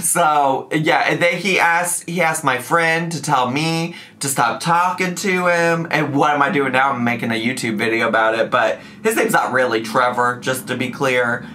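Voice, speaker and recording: A man talking casually to his camera in a vlog, chatty and animated, now and then slipping into a joking southern twang. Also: medium pitch, moderate pace, hardly any pauses. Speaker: YouTuber.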